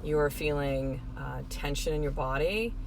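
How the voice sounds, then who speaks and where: A woman's voice: deep voice, moderate pace, background noise. A woman podcast host and life coach in a casual motivational talk, earnestly guiding the listener through breathing and affirmations.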